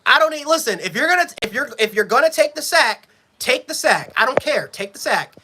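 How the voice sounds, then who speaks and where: A man giving a live sports reaction, frustrated and profane, swinging between yelling and low muttering. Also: sing-song, brisk, slight background noise. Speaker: sports fan streamer.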